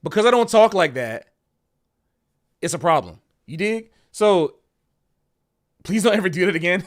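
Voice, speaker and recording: A man's voice: high voice, lively intonation, moderate pace, long pauses. A man who is a jazz musician, ranting casually on a livestream in an emotional, passionate way and calling people bro.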